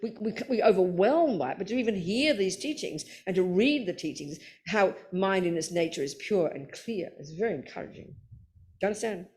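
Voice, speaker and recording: A woman's voice: medium pitch, animated, brisk, a little mellow. Blunt, playful older woman teaching. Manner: blunt, playful, calls people darling. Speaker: Buddhist nun teacher. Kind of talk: Dharma talk with Q&A.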